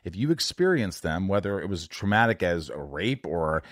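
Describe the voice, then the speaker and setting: Podcast host guy, deep low voice, really open and confessional, swears a bit, lots of restarts, dry close sound. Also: very animated, moderate pace, no echo. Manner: frank and confessional, swears casually, stammers into restarts. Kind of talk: candid interview conversation.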